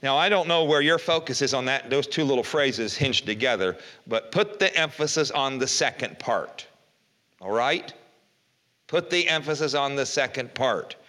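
A man's voice: medium pitch, expressive, normal speed, sharp tone. An older man preaching a folksy evening sermon, reading scripture aloud and asking rhetorical questions. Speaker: pastor.

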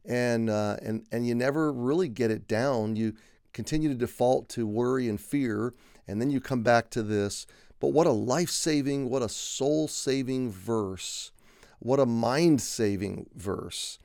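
A man's voice: mid-range voice, a little slow, a little mellow, clean tone, no room sound, studio quality. A man giving a conversational Bible teaching, earnest, unpacking words one by one and often checking in with "okay?".

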